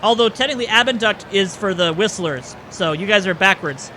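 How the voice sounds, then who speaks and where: A man giving play-by-play commentary over a baseball video game, excitable on big plays and often correcting himself. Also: high voice, brisk, a little hiss or hum.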